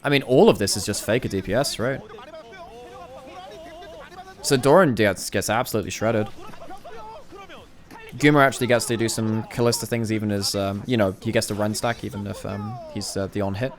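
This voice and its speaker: A man with a somewhat low voice talks through a recorded match as an analyst. His commentary is casual and unscripted, full of quick restarts and the odd mild curse as he works out what went wrong. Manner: thinks aloud, rapid restarts, casual swearing. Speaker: esports analyst.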